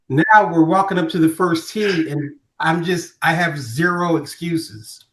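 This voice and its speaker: Animated storyteller man in an echoey room. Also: on the high side, a little slow. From Ohio, USA. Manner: animated storyteller, acting out quoted voices. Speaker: podcast guest. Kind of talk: storytelling in casual conversation. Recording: roomy echo.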